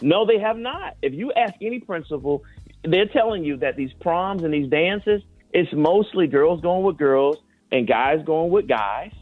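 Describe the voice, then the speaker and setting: A man's voice: on the high side, animated, unhurried, faint music behind. A man speaking as a guest doctor on a radio morning show, giving earnest, explanatory advice about kids and screens. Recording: phone-line sound, dry.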